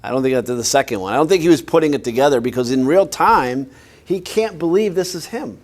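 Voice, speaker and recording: A man's voice: mid-range voice, expressive, quick pace. A man, a pastor, teaching a Bible class in a conversational way, often quizzing his listeners with questions.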